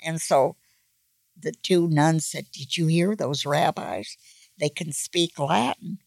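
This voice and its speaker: Elderly woman in her nineties, gravelly voice, unhurried joke telling, dry close sound. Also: low-pitched, a little mellow, no room sound. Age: 90s. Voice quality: creaky. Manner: slow, folksy joke delivery with voiced characters. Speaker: grandmother telling jokes.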